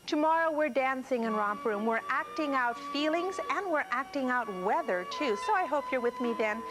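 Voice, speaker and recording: A woman's voice: high voice, expressive, normal speed, over music, rough recording. A woman hosting a children's TV show, talking to young children in a cheerful, encouraging way.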